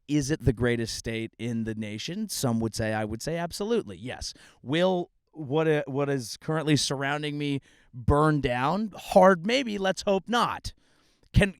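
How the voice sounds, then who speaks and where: A man hosting a comedy podcast, delivering a rambling, sarcastic monologue outdoors in a grassy meadow, now and then bursting into shouts. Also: mid-range voice, no echo, studio quality. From California.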